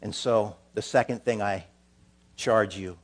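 A man preaching a sermon, charging a young preacher, swinging from quiet, solemn passages to loud, emphatic ones. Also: lowish voice, fairly even intonation, unhurried. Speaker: pastor.

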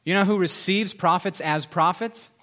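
A man delivers a lively sermon in a slightly high voice. He punches key phrases loudly, then drops into hushed, confiding tones. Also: normal speed. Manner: animated preacher, swings from loud emphasis to soft confessional tones. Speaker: pastor.

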